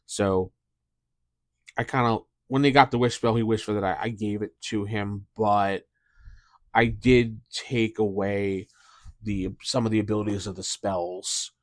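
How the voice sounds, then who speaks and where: A man's voice: on the low side, moderate pace, dry recording. A middle-aged man, a dungeon master hosting his own channel, talks casually and in a rambling way, with many fillers and restarts. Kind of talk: casual talk to camera about tabletop gaming.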